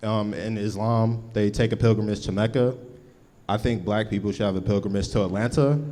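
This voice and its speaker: A man's voice: fairly low pitch, steady tone, fairly quick, noisy background. Laid-back man doing stand-up. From Los Angeles. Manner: laid-back punchy delivery, slangy asides like bro and you feel me. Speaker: stand-up comedian. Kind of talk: stand-up comedy set. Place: live comedy show before an audience.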